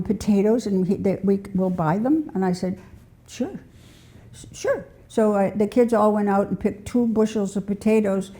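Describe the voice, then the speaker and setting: An older woman from New Hampshire shares memories of her community in casual spoken stories, her medium-pitched voice mellow and gravelly. She tells warm, rambling anecdotes, often restarting and breaking into laughter.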